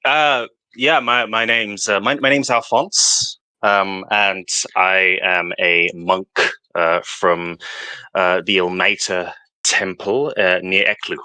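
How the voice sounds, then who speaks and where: A man playing an earnest young monk who speaks hesitantly, with halting starts. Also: low voice, fairly even intonation, pushed and bright, clean tone, no echo, exaggerated voice, low-quality recording.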